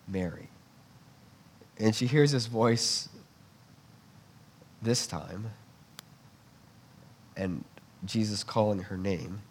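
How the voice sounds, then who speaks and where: A man's voice: deep voice, a little mellow, a little hiss or hum. A man giving a sermon, teaching earnestly in a conversational way with frequent restarts. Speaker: preacher.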